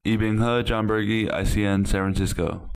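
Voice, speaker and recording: Male reporter, lowish voice, plain steady read of news copy. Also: normal speed, smooth, poor audio. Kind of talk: scripted news reading.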